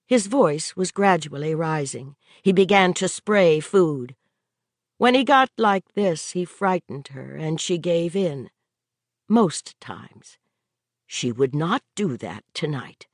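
A woman narrating a novel as an audiobook in measured, expressive storytelling. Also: on the low side, dry recording, clean studio sound. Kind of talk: scripted narration.

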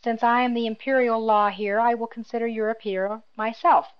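A woman voicing a cold, menacing male imperial officer who speaks in a quiet, clipped, mocking tone, in a slightly dull lo-fi recording. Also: fairly high pitch, steady tone, normal speed, clear, resonant tone, lightly acted.

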